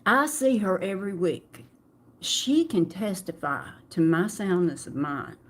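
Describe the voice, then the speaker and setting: Slow-talking emotional woman. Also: on the low side, big pitch swings. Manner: emotional, halting, with repeated restarts. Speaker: vlogger. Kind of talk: emotional personal vlog.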